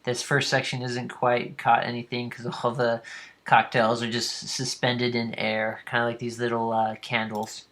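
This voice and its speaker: Man, game master, unhurried scene narration, frequent ums, mid-pitched voice. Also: completely flat delivery, fairly bright tone.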